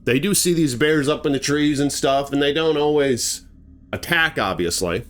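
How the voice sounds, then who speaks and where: This horror-channel host narrates a real bear attack dramatically, voicing the action with shouts and noises. His pitch is fairly high and he talks at a normal speed.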